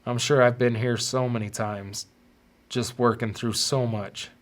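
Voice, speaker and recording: Halting male podcast host opening up. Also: mid-range voice, fairly even intonation. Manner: halting, repeats words while searching for them. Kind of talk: confessional personal monologue.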